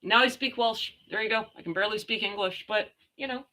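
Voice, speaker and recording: A woman's voice: medium pitch, brisk, pushed and bright. A woman hosting a casual gossip livestream, reading out viewer comments and ranting sarcastically. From Canada. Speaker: royal gossip livestream host.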